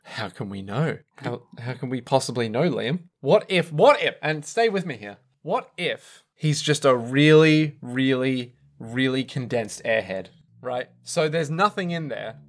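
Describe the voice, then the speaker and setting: Animated young man, swinging pitch. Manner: animated, swears freely, quick wisecracks. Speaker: podcast co-host. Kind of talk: casual chat recapping an anime.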